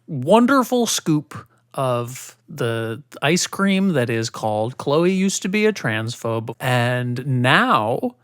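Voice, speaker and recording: A woman's voice: rumbling low, big pitch swings, takes it slowly, no echo, studio quality. A woman in her thirties co-hosting a podcast in casual chat, joking and playful. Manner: joking, jumps into put-on voices. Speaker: podcast co-host.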